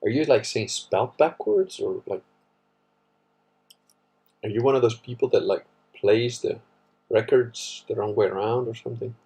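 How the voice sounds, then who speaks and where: Husky man rambling. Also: medium pitch, measured pace, pauses often, mellow. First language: Italian. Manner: rambling, profane, wry. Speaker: livestream host. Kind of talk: casual livestream chat reading comments.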